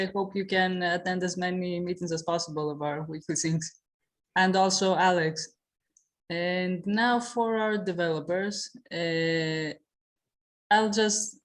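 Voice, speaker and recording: A woman hosting a casual online video-call meeting, introducing participants in an informal, steady way with frequent fillers. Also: lowish voice. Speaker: meeting host.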